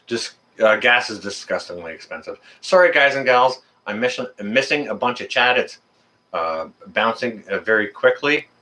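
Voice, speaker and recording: Male live-stream host, chatty, lively pitch. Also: moderate pace. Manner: chatty, talks to viewers and reads chat aloud. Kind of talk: casual live-stream chat. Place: apartment.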